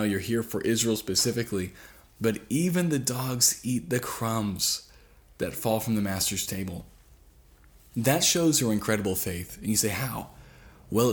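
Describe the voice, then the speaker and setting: A man, a father, preaching a sermon in an earnest, pleading way, repeating phrases for weight. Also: fairly low pitch.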